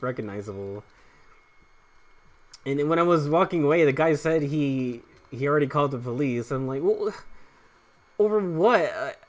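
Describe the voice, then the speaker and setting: A man's voice: mid-range voice, fairly bright tone. Rambling young man telling a story. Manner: rambling, swears often, many fillers and restarts. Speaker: gaming channel host. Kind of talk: casual storytelling over gameplay.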